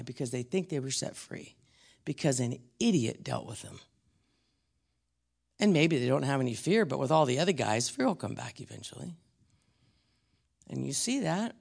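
A man preaching a blunt, emphatic teaching sermon, slowing down and dropping to a whisper on key words. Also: on the high side, creaky.

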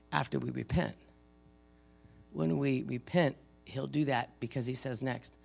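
Older male preacher, gravelly voice, talks plainly, then swells loud for scripture. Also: medium pitch, fairly even intonation, unhurried, pauses often. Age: 50s or older. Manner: conversational preaching, dramatic readings of scripture, swings between loud and soft. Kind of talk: sermon.

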